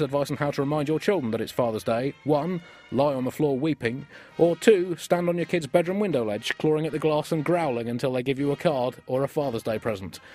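A British man in his thirties hosting a satirical comedy podcast, dry and deadpan, with sudden bursts of mock outrage. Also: mid-range voice.

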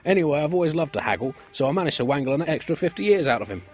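A man's voice: a little high, big pitch swings, rapid-fire, soft background music. A man voicing a cheerful, crafty ninety-one-year-old former president in a comic sketch, talking in a matey, breezy way.

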